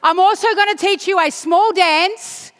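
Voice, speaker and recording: Bright-voiced woman rallying a hall. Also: extremely high pitch, a little slow. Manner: playful, teasing, rousing, breaks into shouts. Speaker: chant leader at a union congress. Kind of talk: leading a crowd chant and dance. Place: large conference hall. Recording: echoey large hall.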